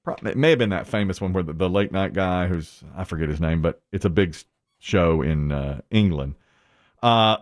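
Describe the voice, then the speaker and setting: A man's voice: fairly low pitch, dry recording, clean studio sound. A man hosting a morning radio show, an opinionated storyteller who laughs often. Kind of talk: casual radio chat.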